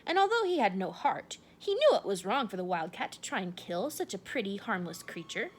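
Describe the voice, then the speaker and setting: A woman reading a children's storybook aloud, her delivery expressive and full of swooping pitch. She tells the tale warmly paced for listeners following along. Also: fairly quick, husky. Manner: expressive, animated. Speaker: storybook reader.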